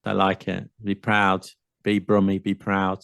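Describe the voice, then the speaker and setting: A low, gravelly man's voice with a southern English accent carrying a light London tint. He chats lively and animated, slipping into playful impressions of other accents. The sound is dry and close, with no room around it. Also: unhurried, no echo. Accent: southern English, slight London. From south of England. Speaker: podcast host. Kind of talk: casual chat about accents.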